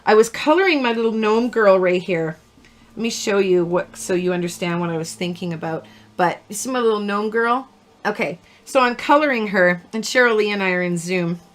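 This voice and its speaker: A woman's voice: mid-range voice, fairly quick. A middle-aged woman hosting a live card-making tutorial, chatty and rambling, laughing at her own stories as she works. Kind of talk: live-stream crafting tutorial.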